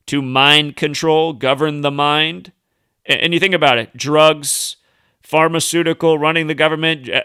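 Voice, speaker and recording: A man's voice: fairly high pitch, pushed and bright, clean tone, dry recording. A man from the United States hosting a video commentary, ranting in a heated, combative and profane way. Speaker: host.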